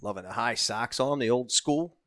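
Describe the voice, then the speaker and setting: A man calling youth baseball play-by-play, joking between pitches and getting louder and higher on the action. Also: normal speed. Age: older. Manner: jokey, rises in pitch and volume on plays. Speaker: play-by-play announcer.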